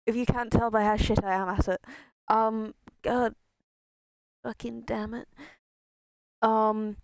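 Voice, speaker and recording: A woman's voice: fairly high pitch, level tone, takes it slowly, no room sound. Exasperated swearing woman streaming a game. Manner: exasperated, swearing, self-mocking. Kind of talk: casual gaming stream chat. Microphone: close headset mic near her face. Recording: audible breathing on a close mic.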